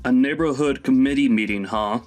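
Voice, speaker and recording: A man's voice: mid-range voice, brisk, soft background music, close to an everyday voice. A man voicing a stern, indignant young son. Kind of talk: animated story voice acting.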